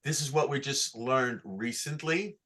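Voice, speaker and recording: Bright-voiced male cantor teaching chant. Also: mid-range voice. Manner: patient, coaxing questions, sings phrases slowly. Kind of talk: online class, chanting examples.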